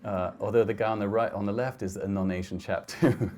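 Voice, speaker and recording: A middle-aged man giving a reflective talk about his photographs, speaking gently and haltingly with frequent restarts. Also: fairly low pitch, fairly even intonation. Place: lecture hall.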